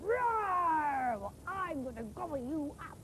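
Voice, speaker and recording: A woman's voice: high-pitched, very animated, slow, a bit bright, slight background noise, full character voice. A woman voicing a scary, ugly troll who growls and roars, in children's TV storytelling. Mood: growling.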